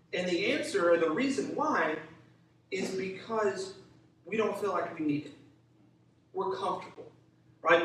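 A man's voice: sits high, fairly bright tone. A male pastor preaching with energy, calling for responses from the congregation and acting out the voices of people in the story. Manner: acts out voices of biblical figures. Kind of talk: sermon. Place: church sanctuary. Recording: very echoey hall, voice from far off.

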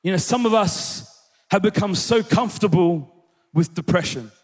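At a normal speed and with a slightly rough voice, a male pastor shares a story in his sermon, lively and questioning the room. His voice sits unusually high, echoing with the long reverb of a church hall.

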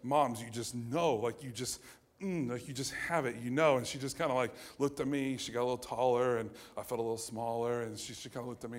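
A man in his thirties from the United States, telling a personal childhood story to an audience in an animated way with many fillers and restarts. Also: mid-range voice, brisk. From United States (Ohio). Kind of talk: personal anecdote told to an audience.

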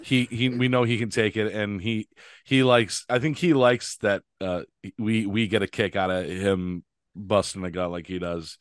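A man's voice: fairly low pitch, steady tone, moderate pace, clear, resonant tone, dry recording. Chatty, laughing man telling road stories. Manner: rambling storyteller, laughs often, many restarts. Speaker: podcast host. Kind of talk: casual chat.

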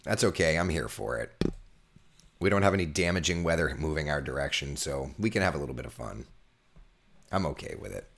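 Hoarse weatherman with a deep voice, loose and jokey while chatting with viewers. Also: lively intonation, brisk, a bit bright. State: hoarse, voice recovering. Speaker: TV meteorologist hosting a live chat. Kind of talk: casual live-stream chat reading viewer comments.

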